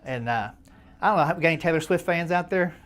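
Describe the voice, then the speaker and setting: A man's voice: on the high side, fast, fairly bright tone. A man doing stand-up comedy, folksy and self-deprecating, chatting with the crowd as he tells stories. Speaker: stand-up comedian at a charity dinner.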